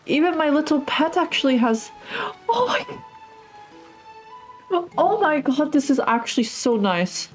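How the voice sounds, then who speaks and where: A young woman streaming a game, gushing and exclaiming excitedly to her chat. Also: sits high, a little slow, long pauses, rough recording. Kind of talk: casual gameplay livestream. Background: game music.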